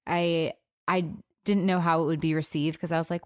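Woman, 30s, podcast host, lowish voice, halting and soft-spoken, emotionally raw, subdued, dry close mic. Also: flat delivery, clean tone, no room sound. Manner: halting, soft-spoken, with frequent pauses and trailing phrases. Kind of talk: casual solo podcast talk.

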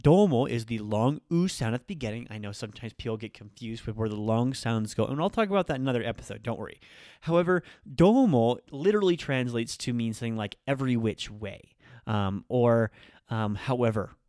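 A man hosting a casual online language lesson, explaining in a relaxed way with frequent ums and likes. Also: medium pitch, fairly quick, dry recording, studio quality. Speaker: language teacher.

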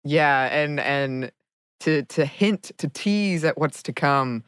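A woman co-host who chats with bubbly enthusiasm. Her voice is very low for a woman and sounds dry and close, with no room around it. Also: takes it slowly, clean tone, no room sound. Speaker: podcast co-host, voice actor. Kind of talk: casual chat.

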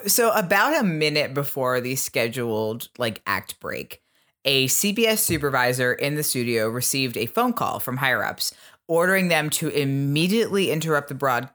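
A man hosting a podcast who tells a history story in loose, chatty fashion, filling pauses with ums. His voice sits at a middling pitch. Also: animated, bright, forceful tone. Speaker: podcast host. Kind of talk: casual storytelling chat.

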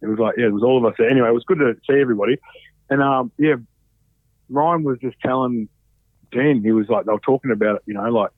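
This guest on a casual chat is a man in his thirties with an Australian accent, telling stories at a fast clip in a mid-range voice. He swears a lot and rambles with plenty of fillers, and the recording is dry and phone-like.

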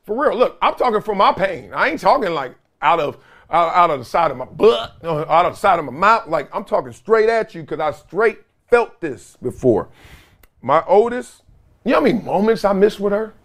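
A middle-aged man hosting his own show, talking in a slightly high voice that swoops all over the place. He goes cocky and loud one moment, low and quiet the next, and laughs a lot as he riffs on viewer comments. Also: sing-song, moderate pace. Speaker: show host.

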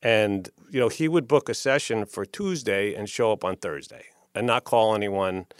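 Middle-aged guy telling wild stories on a podcast, fairly deep voice, bone-dry sound, keeps restarting and acting out quotes. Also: normal speed, clear, resonant tone, no echo. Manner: lively storyteller who acts out quotes, with frequent restarts. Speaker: music executive guest. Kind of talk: animated anecdote-telling in a podcast interview.

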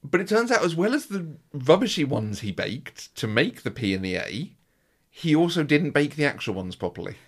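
His voice sits fairly high and swings widely in pitch, at an ordinary pace. As a podcast co-host, he wanders casually through a baking show recap, often starting sentences over.

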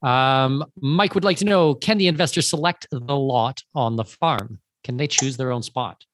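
A man's voice: mid-range voice, moderate pace, no echo. Upbeat male host, dry close sound. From Canada. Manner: upbeat, reads questions aloud. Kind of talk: reading out audience questions.

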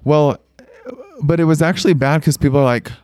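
A young man telling a personal story as a podcast guest, earnest and animated, with many filler words. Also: a little high, a little fast, smooth. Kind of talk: conversational storytelling.

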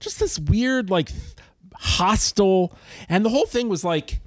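A man's voice: high-pitched, lively intonation, a little slow, dry recording, studio quality. A middle-aged man, chatting casually and acting out the people in his stories. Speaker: podcast guest. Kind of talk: casual storytelling chat.

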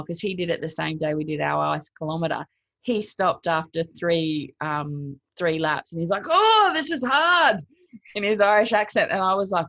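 Gravelly woman telling a story. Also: low voice, no room sound. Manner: lively retelling, acts out quotes, laughs between thoughts. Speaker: interview guest, cold-water swimmer. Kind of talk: casual storytelling in an interview. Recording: dull lo-fi, dry sound.

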